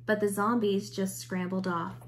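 A woman teacher reading a picture book aloud with expressive storytelling. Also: medium pitch, normal speed, slight background noise.

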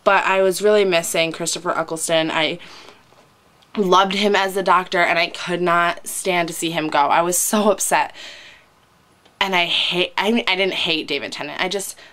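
Young woman, lowish voice, gushing, chatty, lots of "like", webcam at home. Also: moderate pace. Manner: gushing, excitable, rambling with frequent "like". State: teary from crying. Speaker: vlogger. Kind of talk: casual fan vlog. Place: indoors at home, hot room.

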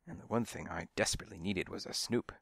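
A man's voice: low-pitched, fast talker, creaky, slightly rough, no room sound. A man narrating a first-person storybook mystery in a dry, wry manner. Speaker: audiobook narrator.

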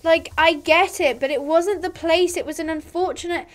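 A woman's voice: very high-pitched, moderate pace. A woman chatting casually over her gameplay, rambling and reading quest lines aloud. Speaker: gaming youtuber.

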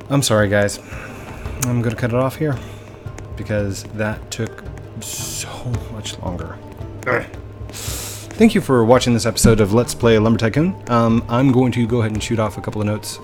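Chatty man narrating his gameplay. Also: lowish voice. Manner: chatty, sighing, mildly exasperated. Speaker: gaming video host. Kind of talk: casual let's-play commentary.

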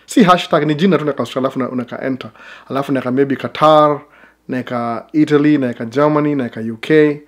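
A man's voice: mid-range voice, rapid-fire. A man from Kenya with a Kenyan accent, chatting casually to camera as a vlogger, full of rambling asides and chuckles.

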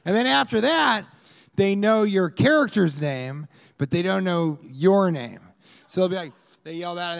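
This stand-up comedian from Colorado, US, grips a handheld mic on a club stage before a live audience, and his somewhat high voice has plenty of gravel. He rambles at a measured pace with lively intonation. His pitch swings wildly while he shouts crowd work and acts out fans yelling at him.

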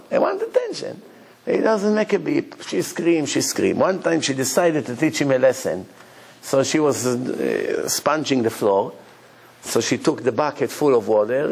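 A man giving a rabbi's lecture, telling stories in an animated way with nonstandard English grammar. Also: fairly high pitch, vocal fry, breathy edge.

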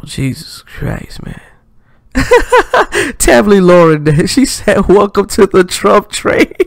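A man hosting a casual reaction stream, excitable and profane, laughing often between comments. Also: on the high side, creaky, no room sound, clean studio sound. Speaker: reaction channel host.

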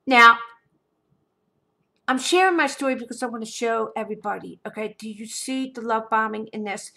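Woman vlogger, fairly high, bright and forceful voice, indignant storyteller. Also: normal speed, vocal fry. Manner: emphatic, indignant, keeps asking "okay?". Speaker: vlogger telling a personal story. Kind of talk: casual storytelling to camera.

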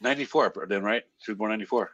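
A man chatting as a guest on a livestream, animated and excitable. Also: fairly low pitch, very fast, dry recording, lo-fi sound. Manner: animated, excitable, swears casually. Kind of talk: casual livestream chat.

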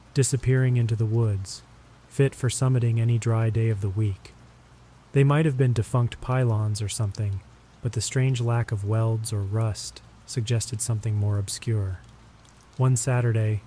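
Dark-voiced male horror narrator. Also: on the low side, slight background noise. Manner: steady, measured storytelling delivery. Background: rain.

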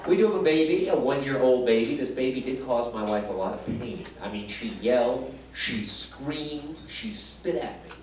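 Live from a casino showroom, a man from Detroit mixes magic with stand-up, trading quips with the audience in a mid-range voice with lively intonation, moderate pace, and few pauses. Sound is echoey and noisy with a loud crowd, picked up by a distant mic.

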